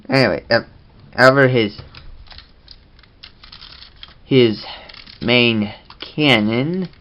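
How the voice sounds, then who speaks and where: A man hosting a casual toy review vlog, talking in a rambling, halting way. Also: on the low side, highs cut off.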